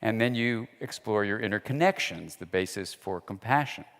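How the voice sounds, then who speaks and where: A man's voice: on the low side, lively intonation, moderate pace, fairly bright tone. A man giving a lecture in a conversational, storytelling way. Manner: conversational storyteller, acts out quoted dialogue. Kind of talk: lecture with anecdotes. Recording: long hall reverb.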